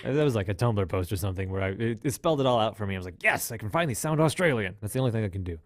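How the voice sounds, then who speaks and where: A man's voice: fairly low pitch, lively intonation, very fast, no echo, studio quality. A man co-hosting a podcast in a playful casual chat, laughing often as he talks. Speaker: podcast co-host.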